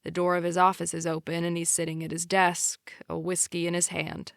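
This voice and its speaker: A woman narrating a first-person romance audiobook in a steady, unhurried way. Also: lowish voice, creaky, no echo, studio quality.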